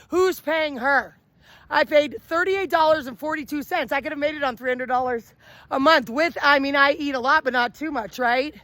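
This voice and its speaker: A woman's voice: high-pitched, animated, normal speed, fairly bright tone, no echo. A woman livestreaming outdoors on a city street at night, talking into her phone in a flamboyant, rambling way and jumping from topic to topic.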